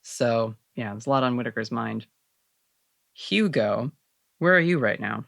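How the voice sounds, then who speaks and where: A man narrating as game master of a tabletop role-playing game, setting scenes in a measured, descriptive way. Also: mid-range voice, expressive, vocal fry, a bit bright, no room sound, clean studio sound.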